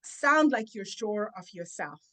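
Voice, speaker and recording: A woman who coaches public speaking, giving emphatic, deliberate advice as a podcast guest. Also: mid-range voice, expressive, fairly bright tone.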